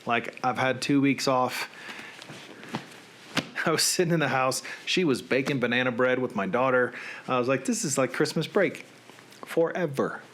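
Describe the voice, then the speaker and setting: A man's voice: medium pitch, normal speed, pauses often, fairly bright tone, slight background noise. A man in his thirties hosting a casual, rambling chat from home, joking at his own expense. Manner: rambling, self-deprecating. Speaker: host.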